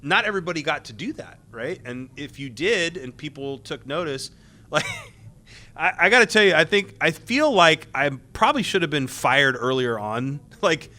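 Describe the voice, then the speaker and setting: Bright-voiced man telling panel stories. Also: fairly high pitch, expressive. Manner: rambling, with many restarts and quick laughs. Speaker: former game tester on a panel. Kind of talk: convention panel talk.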